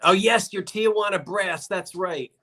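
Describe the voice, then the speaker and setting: A man's voice: high voice, measured pace, sharp tone. A man hosting a live online auction of antiques, playful and chatty, joking as he counts down bids.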